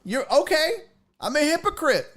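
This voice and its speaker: A man hosting a casual sports talk livestream, reading viewer comments aloud and joking around. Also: moderate pace. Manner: animated, jokey, swings pitch wildly. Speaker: sports talk show host.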